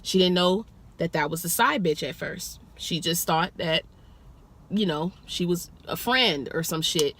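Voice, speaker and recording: A young woman telling a wild passenger story in an animated, profane vlog style, acting out the quotes as she goes. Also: on the low side, a little slow.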